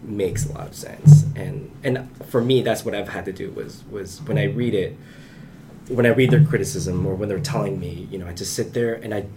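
A man's voice: fairly low pitch, fairly even intonation, brisk, very noisy. A man, an aspiring novelist, talking casually in a panel discussion with many restarts and fillers. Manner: rambling, frequent restarts and fillers.

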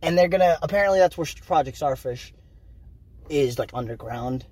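A man co-hosting a casual movie review podcast, laughing and swearing through excited banter. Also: on the high side, normal speed, dry recording. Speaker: podcast co-host.

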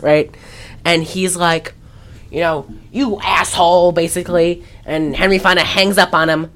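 Speaking at a moderate pace in a voice on the low side, a woman co-hosts a podcast. While casually recapping a film, she brings the quoted lines to life by performing them.

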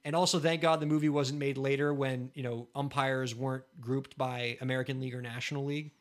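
A man co-hosting a podcast in casual chat, rambling and thinking out loud with self-mocking humor. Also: medium pitch, level tone, fast talker. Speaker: podcast co-host.

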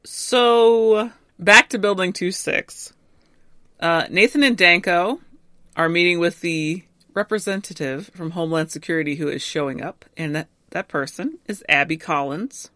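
A woman with a lowish voice chats casually as a podcast co-host. She retells events in a relaxed, storytelling way and laughs often. Her voice sits close and dry, with no room around it. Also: a little slow, no room sound. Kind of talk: casual chat.

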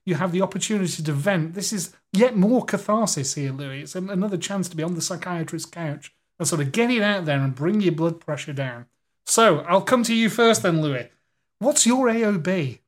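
Wry, chatty podcast quizmaster. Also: male voice, high voice, lively intonation, normal speed. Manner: chatty, wry, chuckling asides. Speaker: quizmaster host. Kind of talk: casual podcast hosting.

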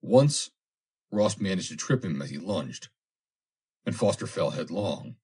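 Deep, husky male storyteller. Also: animated, dark tone. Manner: measured, dramatic storytelling. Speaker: narrator. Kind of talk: dramatic audiobook narration.

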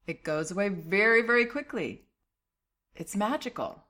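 A middle-aged woman hosting a parenting advice show, talking a listener through her letter in a calm, reassuring, encouraging way with light laughs. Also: mid-range voice, moderate pace.

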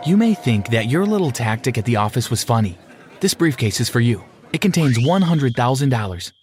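A man's voice: medium pitch, big pitch swings, fairly quick, a little mellow, slight background noise, natural voice. A man voicing a cold, threatening young rich woman in a narrated story. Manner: icy and menacing. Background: background music.

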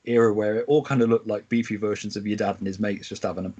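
A man's voice: lowish voice, steady tone, quick pace, warm tone, highs cut off. A man in casual podcast chat, blunt and matter-of-fact, swearing freely. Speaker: podcast host or guest.

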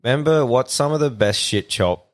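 An Australian man in his thirties co-hosts a podcast in a mid-range, animated voice at normal speed. Laid-back in casual chat, he swears a lot and laughs often while telling stories.

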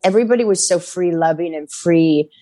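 A woman guest on a talk show, telling stories in a rambling, animated way, full of fillers and laughter. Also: fairly low pitch, brisk. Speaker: psychic guest. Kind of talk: casual chat.

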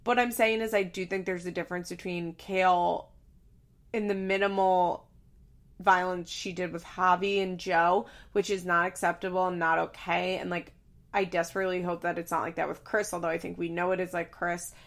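A woman's voice: fairly low pitch, flat delivery, moderate pace. A woman hosting a podcast, recapping in casual, chatty talk with profanity and sarcastic asides. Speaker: podcast host.

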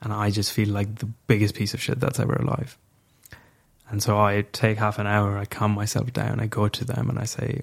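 A man's voice: on the low side, little pitch movement, normal speed, gravelly. A young man telling a personal story as a podcast guest, frank and reflective, swearing casually.

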